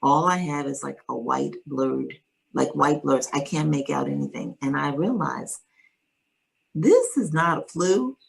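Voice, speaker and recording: A woman with a low, husky voice tells a personal story in conversation. Her tone carries some gravel, and she speaks in an earnest, measured way, pausing to gather her words. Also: rough recording. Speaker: guest sharing her story.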